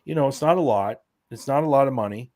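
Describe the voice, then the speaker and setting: A man's voice: medium pitch, fast, mellow. A man talking as a guest on a casual podcast, laying things out in a loose, rambling way and padding his sentences with fillers. His voice sits in an ordinary middle register, and it sounds dry and close, with no room echo. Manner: rambling, explaining, many fillers. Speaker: guest, event organizer.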